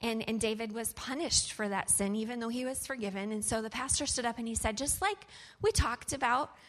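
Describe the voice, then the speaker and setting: A woman's voice: fairly high pitch, steady tone, quick pace. A woman animatedly telling a personal story from her camp ministry work, in a chatty style full of fillers.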